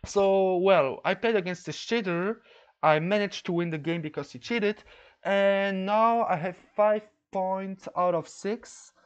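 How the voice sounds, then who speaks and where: Excitable French chess vlogger. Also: male voice, sits high, measured pace, clear, resonant tone, lo-fi sound. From France. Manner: excitable storytelling, many restarts. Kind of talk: casual recap monologue.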